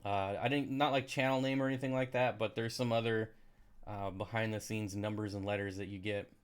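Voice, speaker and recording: A man's voice: fairly low pitch, steady tone, brisk, smooth. Rambling sarcastic man live-streaming. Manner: rambling, sarcastic, easily frustrated. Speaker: aquarium channel live streamer. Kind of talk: casual live stream chat reading comments.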